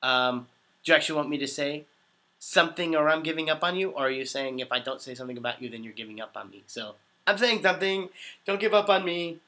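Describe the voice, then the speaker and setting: A man in his twenties chatting casually on a livestream, answering viewer comments in an upbeat, easily excited way. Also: mid-range voice, fast talker. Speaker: voice actor hosting a livestream.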